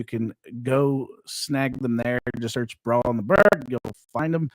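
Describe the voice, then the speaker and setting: A man co-hosting a live podcast, pitching upcoming events in an upbeat, promotional way with hype slang. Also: a little slow, dry recording. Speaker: podcast co-host and fight promoter. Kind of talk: casual live podcast chat. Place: studio.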